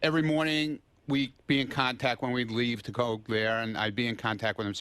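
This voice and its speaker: A man's voice: mid-range voice, level tone, brisk, fairly bright tone, clean tone, no echo. A man, a regular on a radio show, telling a story animatedly and defending himself against teasing. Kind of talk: casual radio banter. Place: radio studio.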